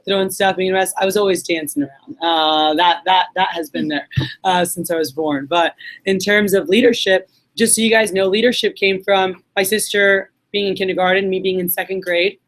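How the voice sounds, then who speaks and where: Candid young woman telling a story. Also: mid-range voice. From Puerto Rico. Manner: candid, animated storytelling with fillers and acted quotes. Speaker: speaker. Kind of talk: personal storytelling talk. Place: event hall.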